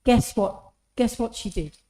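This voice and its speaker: A woman's voice: a little high, unhurried, mellow. A woman giving an inspirational talk in an engaging storytelling manner, often asking the audience questions. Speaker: speaker. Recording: echoey hall.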